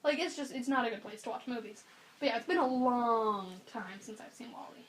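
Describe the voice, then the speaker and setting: Young woman podcast co-host, fairly high voice, animated and opinionated, casual chat. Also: a little fast. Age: young adult.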